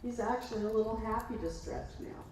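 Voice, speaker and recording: A woman's voice: on the high side, fairly quick, darkish tone. A woman coaching a dressage riding lesson, calling out instructions and encouraging praise. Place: riding arena. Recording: echoey, distant, noisy. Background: horse hoofbeats.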